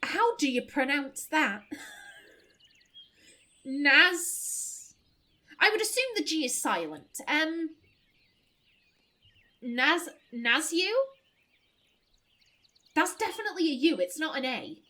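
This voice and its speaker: Brief: woman let's-player, high and lively voice, unhurried delivery, chatty and giggly. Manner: chatty, laughs often, thinks aloud. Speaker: let's play gamer. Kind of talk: game playthrough, reading dialogue aloud with commentary.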